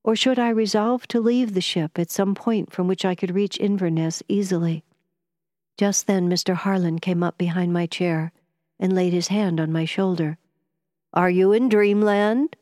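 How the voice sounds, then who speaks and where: A woman narrating a novel in the first person, reading in a measured, even storytelling manner. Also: on the low side, dry recording, studio quality. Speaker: audiobook narrator.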